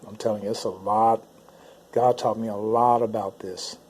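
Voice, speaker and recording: A man's voice: on the low side, little pitch movement, normal speed, darkish tone, breathy edge. A man recounting a spiritual vision to his viewers in an earnest, rambling monologue that keeps circling back over the same phrases. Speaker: Christian speaker recounting visions. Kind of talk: casual spoken monologue to camera.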